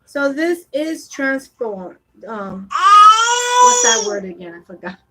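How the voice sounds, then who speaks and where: Home vlogger mom, slow and high, coaxing baby talk, casual chat. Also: female voice, very animated, very noisy. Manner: coaxing baby talk mixed with chatty asides to viewers. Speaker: vlogger and mother.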